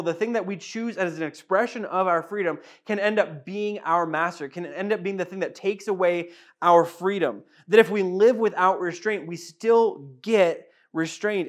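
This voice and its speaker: A male pastor delivering a sermon, repeating key phrases for emphasis and restarting his sentences as he goes. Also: sits high. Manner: repetitive, emphatic preaching with restarts.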